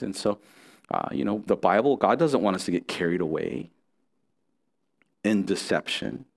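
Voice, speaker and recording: A man's voice: fairly low pitch, gravelly. A middle-aged man preaching a sermon as pastor, earnest and conversational, with restarts and asides to the congregation.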